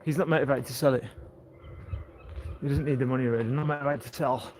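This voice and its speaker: A man's voice: medium pitch, steady tone, quick pace. Chatty man livestreaming on a street. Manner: chatty, jokey, greets passersby warmly. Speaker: livestream host. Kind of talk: casual walking livestream chat. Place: outdoors on a coastal town street. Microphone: handheld phone while walking. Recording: outdoor street noise. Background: street ambience and passing vehicles.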